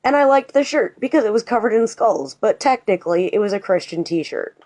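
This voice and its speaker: A woman's voice: medium pitch, animated, a little fast, a little mellow. Sarcastic woman telling a personal story. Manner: sarcastic, emphatic. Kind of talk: casual storytime narration.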